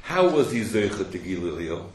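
A man's voice: low voice, fast. A man teaching a Torah class, telling stories with plenty of Hebrew and Yiddish terms and often asking "hello?" to prod his listeners. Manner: animated storyteller, asks "hello?" to prod listeners. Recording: echoey room with faint noise.

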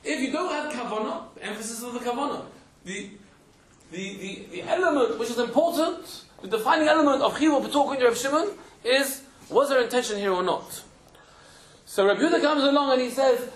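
A man's voice: very high voice, a little fast. A man teaching a Talmud class who explains emphatically and repeats words while he searches for the phrasing. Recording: roomy echo.

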